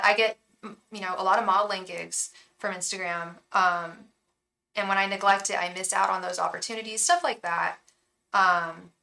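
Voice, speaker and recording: Young woman doing a live tarot read, bright voice, rambly and emotional, lots of restarts. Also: medium pitch. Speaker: tarot reader. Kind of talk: live tarot reading, casual chat.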